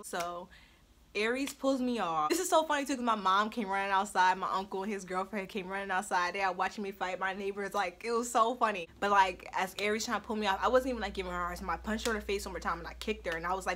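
A woman's voice: medium pitch, fast, a bit bright, a little hiss or hum. A young woman telling a story on her vlog in a blunt, profane way, with frequent laughs. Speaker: storytime vlogger. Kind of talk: casual storytelling.

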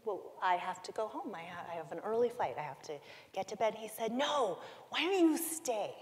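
A middle-aged woman giving a keynote talk, telling a personal story in a confessional, emotive way with deliberate pauses. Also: medium pitch, darkish tone. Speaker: keynote speaker. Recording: long hall reverb.

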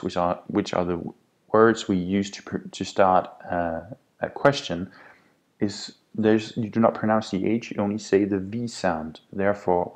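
A man with a Danish accent, a native Danish speaker, teaching a pronunciation lesson and repeating each sound slowly. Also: low-pitched. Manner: spells out sounds slowly, repeats example words. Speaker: language teacher.

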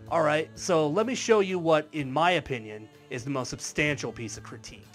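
A man's voice: fairly high pitch, brisk, soft background music. A man delivering a commentary video in a wry, sarcastic manner. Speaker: YouTube commentary creator. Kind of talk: commentary vlog.

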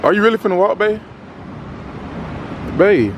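A man's voice: sits high, expressive, unhurried, dull audio. A young man filming a prank, teasing and laughing, then pleading. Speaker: prankster vlogger. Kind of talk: casual filmed prank. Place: in and around a parked car outdoors. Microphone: handheld camera. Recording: outdoor noise, traffic.

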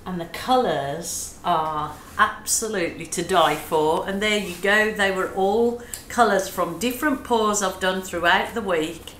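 A woman's voice: medium pitch, unhurried, few pauses, fairly bright tone, slight background noise. A woman with an Australian accent chatting her way through a painting tutorial, soothing and self-deprecating as she coaches. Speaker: acrylic pouring artist. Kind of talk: casual painting tutorial chat. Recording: echoey room with faint ambience.

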